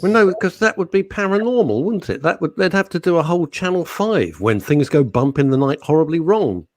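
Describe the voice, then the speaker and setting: A man's voice: fairly high pitch, very animated, fairly quick, dry recording. A man co-hosting a radio chat show, reading listener messages with jokey, teasing banter. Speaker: radio co-host.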